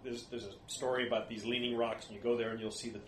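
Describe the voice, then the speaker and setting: A man, a tabletop game player, recapping the last session in a rambling, halting way with many fillers. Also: medium pitch, level tone, reverberant, crowd noise.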